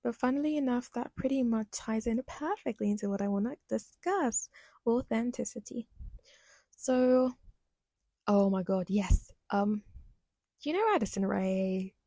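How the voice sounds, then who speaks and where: A woman's voice: fairly high pitch, unhurried, dark tone, no room sound. A young woman hosting a solo podcast, talking in a rambling, chatty, self-deprecating way. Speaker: podcast host. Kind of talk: casual solo podcast monologue.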